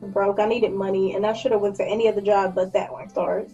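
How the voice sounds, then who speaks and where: A woman in her twenties telling a story in a casual vlog, blunt and profane, with lively acted-out quotes. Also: mid-range voice, quick pace, muffled recording, faint music behind. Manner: blunt, profane, animated quoting. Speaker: vlogger.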